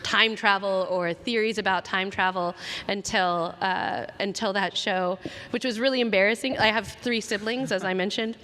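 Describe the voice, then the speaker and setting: A woman's voice: mid-range voice, fairly even intonation, moderate pace, bright, forceful tone, a little hiss or hum. A woman voice actress answering fan questions at a convention panel in a chatty, giggly way. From Texas, USA. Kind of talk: casual panel Q&A. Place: large convention hall. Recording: reverberant convention hall.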